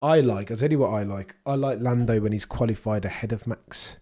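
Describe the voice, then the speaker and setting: A man's voice: lowish voice, brisk, mellow. A young man hosting a live stream, chatting casually and joking with his chat while reacting to the action.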